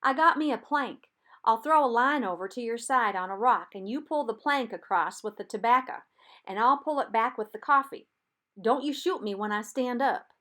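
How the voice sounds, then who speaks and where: A scrappy young Confederate boy soldier, as a woman reads him aloud for a storybook. He has a soft Southern drawl and calls out loud and friendly across the water, his voice pitched a little above the narration. He sounds coaxing and folksy. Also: lively intonation, a little slow, hardly any pauses. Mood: calling out, coaxing.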